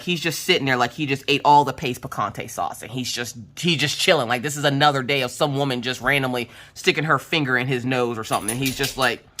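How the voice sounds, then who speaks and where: A young woman telling a story in a casual chat, animated and dramatic, breaking into loud squeals and exclamations. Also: rumbling low. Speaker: crafting vlogger.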